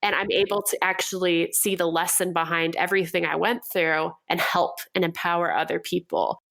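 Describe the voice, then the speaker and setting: A woman's voice: fairly low pitch, steady tone, moderate pace, creaky, a bit bright. A young adult woman from Montreal, a guest copywriter, talking candidly in an earnest, coaching tone in a casual podcast conversation. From Canada, Montreal.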